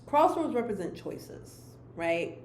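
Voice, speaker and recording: A woman gives her viewers a monthly card reading. She talks to them earnestly and repeats her key phrases for emphasis. Her voice sits at a middling pitch and carries a roomy echo with faint background noise. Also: sing-song, takes it slowly, a little mellow. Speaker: spiritual card reader.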